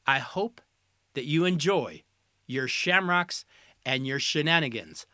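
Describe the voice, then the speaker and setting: American host riffing on camera, pitch jumping all over, bright voice, jokey and sarcastic. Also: slow pace, no room sound, clean studio sound. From United States. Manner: animated, joking, sarcastic asides. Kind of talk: comedic solo commentary.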